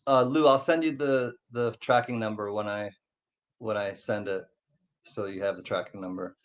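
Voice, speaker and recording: A man co-hosting a casual chat, easygoing and halting, often repeating his words. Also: on the low side, steady tone. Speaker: co-host. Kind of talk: casual chat about coin collecting.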